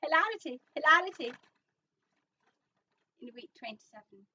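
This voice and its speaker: Giggly woman co-host, high and bright, distant lo-fi mic. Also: animated, normal speed, a little hiss or hum. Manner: giggly, teasing, repeats her own jokes. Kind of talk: casual live-stream banter. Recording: distant, dull lo-fi sound.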